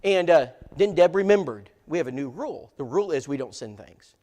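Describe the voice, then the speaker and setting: A man giving a church seminar talk, an animated storyteller who acts out the people he quotes. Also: on the high side, fairly quick. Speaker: seminar speaker.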